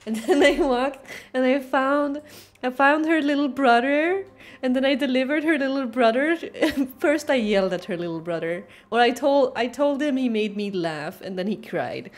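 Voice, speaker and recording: A woman's voice: sits high, moderate pace. A woman streaming a video game, chatting casually and giggling often. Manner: giggly, animated.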